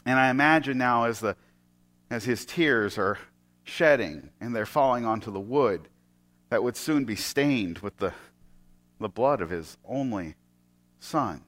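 A man preaching a sermon. He retells a scripture story and often drops into soft, hushed tones. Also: medium pitch, lively intonation, a little slow, long pauses.

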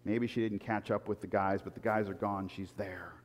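A man preaching a sermon in a lively, conversational way. He swings between loud, emphatic peaks and hushed, low asides, and often repeats words. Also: moderate pace. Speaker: pastor. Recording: long hall reverb.

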